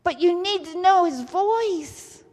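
A woman with a high voice preaches slowly and deliberately, acting out the story with theatrical energy. Her words ring through a church hall with long reverb. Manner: lively, acts out the story. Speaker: pastor's wife preaching. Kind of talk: sermon.

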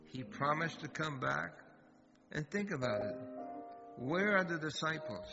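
A man's voice: on the high side, creaky. A man who is a pastor, telling a personal story in a sermon and asking his listeners questions. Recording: long hall reverb, dull sound, guitar music behind. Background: guitar music.

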